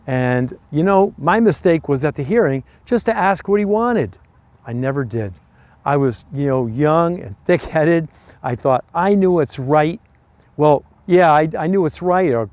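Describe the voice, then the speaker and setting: Older man, East Coast American accent, folksy advice host, voice sits a bit high. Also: darkish tone, no echo. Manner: folksy, earnest storytelling with restarts. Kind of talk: casual advice talk.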